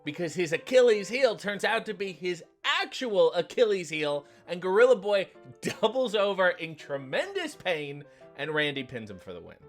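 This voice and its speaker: A man with a high voice hosts a comedic recap of an old sitcom episode. He tells it in a sarcastic, profane way. Quiet music plays underneath. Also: very animated, moderate pace. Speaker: host.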